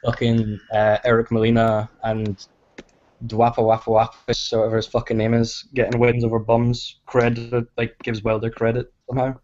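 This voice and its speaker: A man's voice: medium pitch, completely flat delivery, normal speed, darkish tone. A man calling in to a podcast, ranting emphatically and swearing. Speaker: caller. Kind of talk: ranting phone-in call. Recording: dull lo-fi audio.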